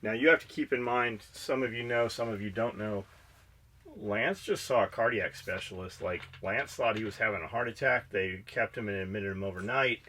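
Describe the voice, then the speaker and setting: A man's voice: on the low side, normal speed, sharp tone. Blunt, swearing man on a podcast. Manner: profane, blunt, fired-up storytelling. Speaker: podcast co-host. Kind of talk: casual podcast chat.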